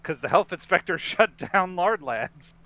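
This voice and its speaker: Bright-voiced man, laughing podcast host. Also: high voice, animated, unhurried. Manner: laughs often, rambling with restarts. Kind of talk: casual chat recapping a film.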